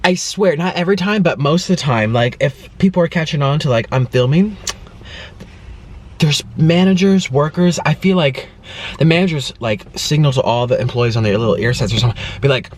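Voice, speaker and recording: A man's voice: fairly high pitch, fairly quick. A young man chatting to camera from his car, telling a story with lots of acted-out quotes. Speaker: food vlogger. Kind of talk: casual chat to camera.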